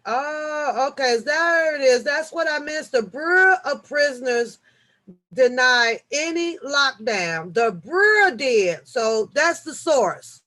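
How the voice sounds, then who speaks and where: A woman with a somewhat high voice hosts a casual live-stream chat. She reads news articles aloud and jokes with her viewers. Her delivery swings from low mutters to loud, laughing outbursts. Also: lively intonation, slow pace.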